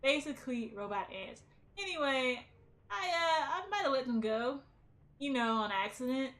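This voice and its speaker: A woman's voice: high voice, animated, normal speed, a bit bright. A woman voicing a nervous young female hacker who rambles hesitantly, reading game dialogue aloud. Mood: sheepish.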